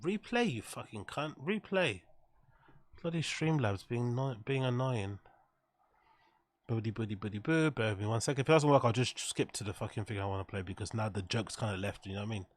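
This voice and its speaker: A man's voice: on the low side, fast, hardly any pauses. A man hosting a livestream, rambling and swearing casually as he talks to his viewers. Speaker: streamer host.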